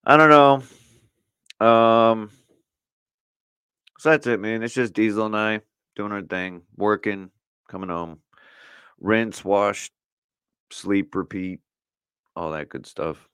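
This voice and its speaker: Rambling middle-aged man, low voice. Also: slow pace, pauses often, a bit bright, clean tone, no echo, clean studio sound. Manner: rambling, loose, heavy on "you know" and "like". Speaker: podcast host. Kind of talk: casual solo podcast chat. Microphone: camera setup for video recording.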